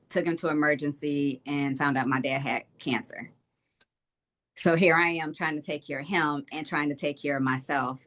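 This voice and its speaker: A woman's voice: low-pitched, fairly bright tone. Earnest woman telling her personal story. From Detroit, Michigan. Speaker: state representative, guest. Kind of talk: personal testimony in an interview.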